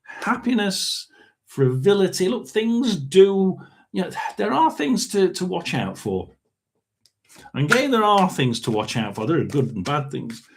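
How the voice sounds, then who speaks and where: A middle-aged man doing a casual tarot and spirit box reading, rambling and halting with frequent ums and throat clearing. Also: a little high, huge pitch swings, a little hiss or hum.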